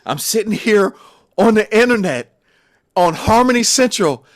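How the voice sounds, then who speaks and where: Casting note: gospel musician, male, higher register, lively and emphatic when recounting stories. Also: a little slow. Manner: animated, emphatic storyteller. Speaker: gospel musician and podcast guest. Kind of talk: personal storytelling in conversation.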